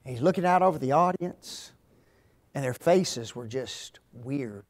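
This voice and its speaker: A man's voice: mid-range voice, a little slow. An older man giving a folksy seminar talk in a church, telling stories and asking the audience rhetorical questions. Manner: animated storytelling with rhetorical questions. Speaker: guest speaker at a marriage seminar. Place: church hall.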